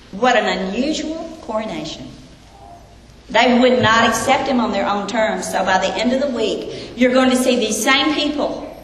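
Woman preacher, higher voice, emphatic with rhetorical questions, recorded in a reverberant hall with faint noise. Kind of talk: sermon.

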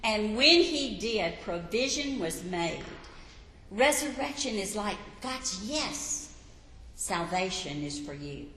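A woman preaching a sermon, emphatic, rising to loud peaks and telling listeners to write points down. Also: mid-range voice, sing-song, slow, a little hiss or hum. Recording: echoey hall with long reverb.

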